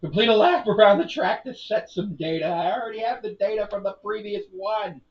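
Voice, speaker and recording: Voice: medium pitch, brisk, distant mic, muffled recording. A game streamer chatting casually while playing, narrating each move with silly asides. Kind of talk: casual live-stream commentary on own gameplay.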